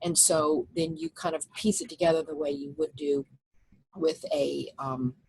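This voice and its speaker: Woman teacher, low and husky, patient explanatory lecture delivery. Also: normal speed, darkish tone, poor audio. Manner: explanatory, with frequent fillers and restarts. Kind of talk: recorded lecture with slides.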